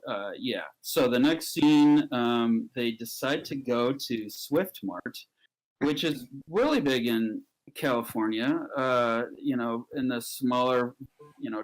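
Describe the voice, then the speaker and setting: A man improvising a comic story, jumping into high, squeaky character voices as he narrates. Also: poor audio.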